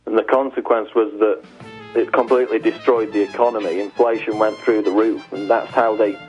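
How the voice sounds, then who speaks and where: A man's voice: fairly low pitch, level tone, brisk, faint music behind. A man who is a guest on a talk radio show, explaining earnestly and restarting his phrases. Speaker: guest, journalist. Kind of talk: talk radio interview by phone. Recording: tinny phone line.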